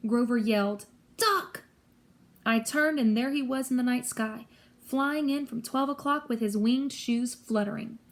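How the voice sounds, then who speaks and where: A woman reading a story aloud in a steady, lively first-person narration. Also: on the high side, moderate pace. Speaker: audiobook reader.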